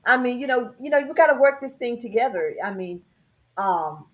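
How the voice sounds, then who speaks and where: A woman's voice: fairly high pitch, animated, moderate pace. A woman in a casual discussion who chimes in with encouragement. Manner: encouraging interjections.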